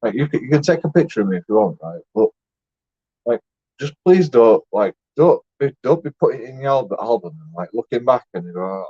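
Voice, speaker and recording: Husky man rambling. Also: medium pitch, expressive, brisk, mellow, no room sound. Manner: boastful, jokey, swears and laughs often. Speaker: YouTube auditor vlogger. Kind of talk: casual rambling monologue. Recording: dull lo-fi dry sound.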